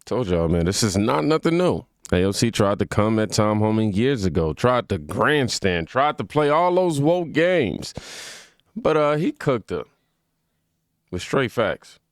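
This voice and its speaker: A man's voice: lowish voice, very animated, a little slow, dry recording, clean studio sound. A man hosting a political reaction channel, talking in a slangy, mocking way with asides to his viewers. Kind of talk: casual political reaction commentary.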